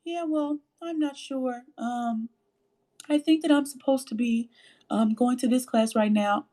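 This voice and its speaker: A woman putting on a high, breathy speaking voice, as if she were a young soprano speaking on the breath. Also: a little slow, mellow. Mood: prissy.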